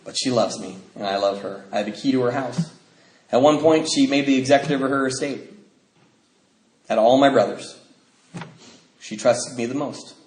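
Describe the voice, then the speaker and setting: A man's voice: medium pitch, normal speed, long pauses, a little mellow. A middle-aged American man telling his recovery story to a meeting, acting out voices and laughing often. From United States. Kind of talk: personal testimony talk. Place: convention hall. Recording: roomy hall sound, faint noise.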